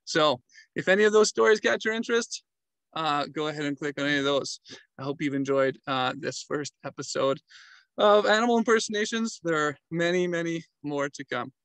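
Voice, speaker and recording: A man tells stories from his travels in an animated, casual way, acting out the animals' sounds and movements as he goes. His voice sits a little on the high side. The sound is dry and close, with no room echo. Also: a little fast, clean tone. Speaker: travel vlogger and storyteller.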